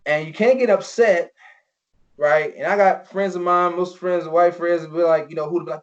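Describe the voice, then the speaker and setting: A high-pitched young man who used to play football talks briskly as a podcast guest, telling personal stories earnestly. He fills gaps with "you know" and performs the voices of people he quotes, all in dull lo-fi audio.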